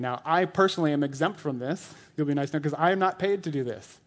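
A man's voice: a little high, fast, few pauses. A man in his thirties who is a lay elder, giving a casual, joking sermon full of fillers. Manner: chatty and joking, lots of "like", laughs at his own jokes.

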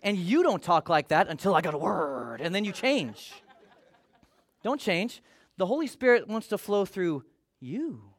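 A middle-aged man preaching a sermon as pastor, conversational and animated, acting out little quotes. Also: sits high, unhurried.

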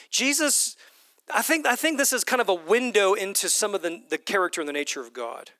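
A middle-aged man preaching with a high, bright voice. He drives his points home by repeating short phrases. The sound is close and dry, with no room echo. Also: a little fast. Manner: animated preaching, repeats lines for emphasis. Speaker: pastor. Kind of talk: sermon.

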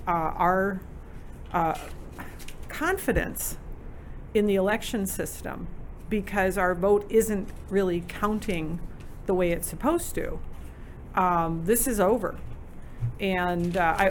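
A woman's voice: lowish voice, slight background noise. A woman with a Minnesota accent speaking as a studio guest, chatty and earnest. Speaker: guest, attorney. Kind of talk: studio interview.

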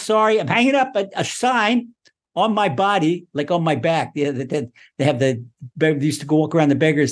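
A man giving a Torah lesson in an animated, repetitive way, acting out prayers and laughing often. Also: high-pitched. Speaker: Torah teacher.

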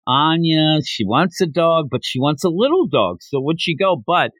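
A podcast host with a slightly high voice talks at normal speed, recounting a manga chapter in casual conversation. He's an animated storyteller who performs the characters' lines, and the recording has no room sound.

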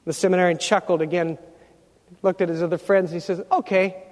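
A man preaching a sermon as pastor, emphatic, rising to loud climaxes, in a church sanctuary. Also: high-pitched, fairly even intonation, brisk. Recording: long reverb of a large church hall.

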